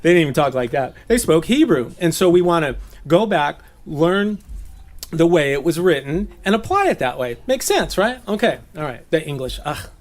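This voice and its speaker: Higher-pitched man preaching casually. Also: sing-song, moderate pace. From Southern California. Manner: chatty, laughs often, slips into playful voices. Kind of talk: casual sermon teaching. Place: gathering.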